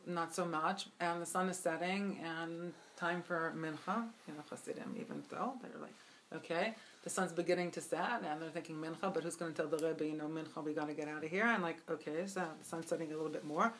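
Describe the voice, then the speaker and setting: A woman telling a Hasidic tale at a gathering, animated and chatty, with many asides and fillers. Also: low-pitched, fairly quick, a little hiss or hum. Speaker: storyteller. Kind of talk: spoken Hasidic storytelling. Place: event gathering.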